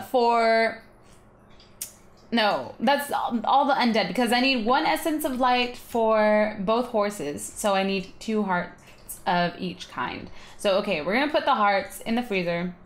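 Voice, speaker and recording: Chatty woman narrating a game. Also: medium pitch. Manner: chatty, rambling, giggly. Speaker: gaming video host. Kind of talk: casual gameplay commentary.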